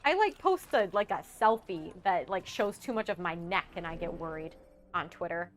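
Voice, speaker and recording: A woman's voice: on the low side, animated, moderate pace, slight background noise. Giggly young woman chatting on stream. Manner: giggly, exclamatory. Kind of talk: casual chat.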